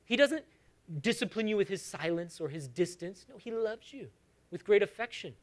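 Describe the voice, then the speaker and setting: A man in his thirties preaching a sermon as a pastor, animated and conversational, with humorous asides. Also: high-pitched, moderate pace.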